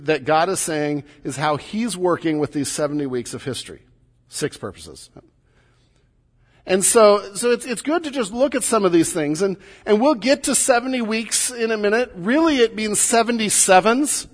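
A middle-aged man, a pastor, preaching a sermon in a conversational, teaching way with light humor, recorded in a church sanctuary. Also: high voice. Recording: long hall reverb.

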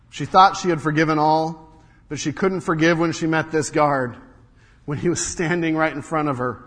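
A middle-aged man preaching a sermon as pastor, telling stories and moving between raised emphasis and hushed, low passages. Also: fairly even intonation, normal speed, big-room sound. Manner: storytelling, swings from raised to hushed.

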